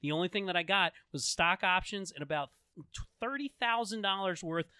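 A man guesting on a podcast, in casual chat, telling joking tall tales with a deadpan delivery. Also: high-pitched, normal speed, clear, resonant tone, dry recording, studio quality.

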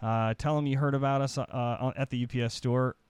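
Laid back guy host doing the sponsor reads, kinda halting, dry close mic. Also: medium pitch, fairly even intonation, darkish tone, clean tone, no echo. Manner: easygoing, halting, with fillers. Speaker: podcast host. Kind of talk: casual podcast chat with sponsor reads.

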